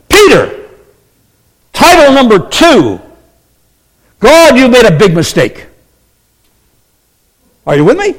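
Animated preaching man. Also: high voice, a little slow, long pauses. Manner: animated preaching, acts out quoted voices, asks the congregation questions. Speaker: pastor. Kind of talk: sermon.

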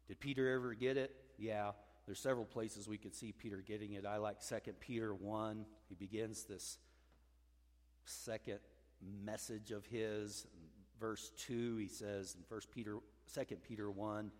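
A man's voice: fairly even intonation, a little slow. Emphatic male pastor in a reverberant hall. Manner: emphatic preaching, swinging between loud urging and hushed low lines. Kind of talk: sermon.

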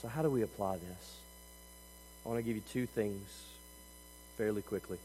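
A man preaching a sermon as pastor, moving between loud, emphatic passages and quiet, intimate asides. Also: lowish voice, normal speed, long reverb tail, low-quality recording. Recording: faint mains hum.

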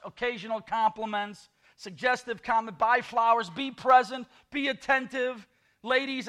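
High-voiced pastor preaching. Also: male voice, a bit bright. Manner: sarcastic asides, quoting scripture. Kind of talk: sermon.

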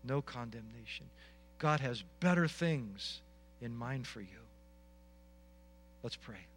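A man's voice: medium pitch, lively intonation, slow, slightly rough. A male pastor preaching a sermon in an earnest way, often repeating words and building to emphatic exhortations.

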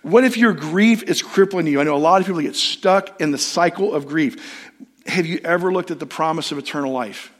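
A pastor delivering a sermon from a church stage in a slightly higher than average male voice. He tells personal stories in a loose, conversational way and keeps turning to the congregation with questions. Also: brisk. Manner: storytelling, conversational, asks the audience questions.

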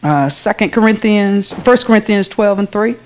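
A woman's voice: medium pitch, moderate pace. A woman, preaching a sermon in a church in a conversational way, calling out to the congregation.

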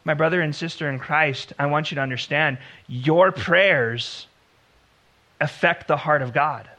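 In a high, bright, forceful voice, a male pastor preaches earnestly. He stretches out key phrases and slows for emphasis, sinks to a hush, then rises again, acting out the dialogue of biblical figures.

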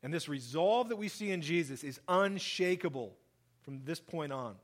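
Male preacher, slightly high voice, animated sermon delivery with acted-out quotes. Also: normal speed. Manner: animated, acts out quoted speech, lively shifts in pitch and volume. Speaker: pastor. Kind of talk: sermon, Bible reading and commentary.

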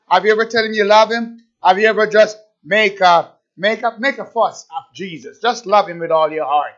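A man's voice: sits high, normal speed, fairly bright tone. A man preaching a fervent sermon, repeating himself and firing rhetorical questions at his listeners. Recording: dull lo-fi recording.

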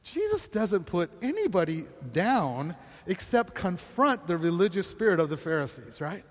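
A pastor delivers a sermon in a bright, high voice, easygoing and conversational. He laughs often and keeps turning to his listeners with questions. His voice rings out with a long reverb tail. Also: sing-song, moderate pace.

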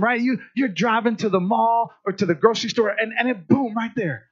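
A male pastor with a notably high voice delivers a sermon in a loose, conversational way. He keeps turning to the congregation with "right?" and restarts his sentences often. The recording sounds dull and lo-fi. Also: fairly even intonation, quick pace, few pauses, fairly bright tone.

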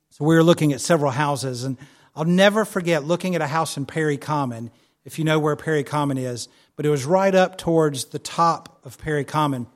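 Male pastor, sermon, earnest storytelling, casual fillers, a touch high-pitched. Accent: not local to the church's area. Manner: softer and slower when praying.

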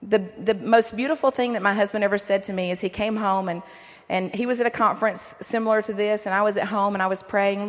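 A middle-aged woman giving a sermon-style talk to a men's conference, earnest and encouraging, with lively asides. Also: medium pitch, fast. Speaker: pastor's wife speaking at a men's conference. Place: large hall. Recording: long hall reverb.

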